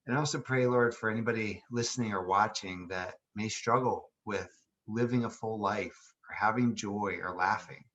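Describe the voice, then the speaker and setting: Earnest bright-voiced man praying. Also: lowish voice, normal speed, highs cut off. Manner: earnest, prayerful. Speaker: podcast host. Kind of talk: podcast talk and spoken prayer.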